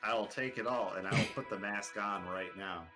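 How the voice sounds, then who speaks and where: A man with a very deep voice plays a tabletop game, asking careful questions and weighing risks out loud. Guitar music plays clearly behind him. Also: a little fast. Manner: cautious, asks many questions. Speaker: player. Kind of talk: casual tabletop game play.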